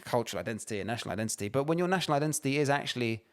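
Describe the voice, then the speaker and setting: A man's voice: mid-range voice, animated, very fast. A man co-hosting a podcast, ranting and swearing emphatically in casual chat. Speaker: podcast co-host.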